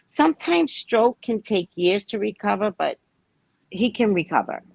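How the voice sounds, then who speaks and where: A woman co-hosting a live tarot reading, chatting casually and telling stories in an animated, expressive way. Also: mid-range voice, a little slow, creaky, dry recording, low-quality recording. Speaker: tarot reader co-host.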